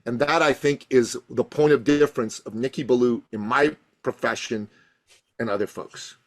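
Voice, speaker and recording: A man guesting on a podcast as a coach, telling a story with passion and building to loud emphatic peaks. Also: medium pitch, normal speed, dry recording. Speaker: guest, coach and thought leader.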